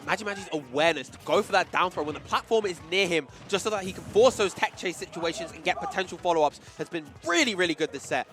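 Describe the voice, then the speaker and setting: A man commentating live on a fighting-game match, excitable and bursting into shouts at big plays. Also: high-pitched, fast talker, hardly any pauses. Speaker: esports commentator. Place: tournament venue with crowd and music. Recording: loud crowd and event music behind.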